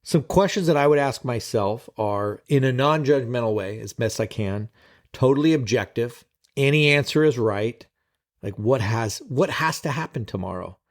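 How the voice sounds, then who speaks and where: A man's voice: mid-range voice, expressive, moderate pace. A man vlogging as a productivity coach, talking casually and profanely straight to his viewers. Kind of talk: casual vlog monologue.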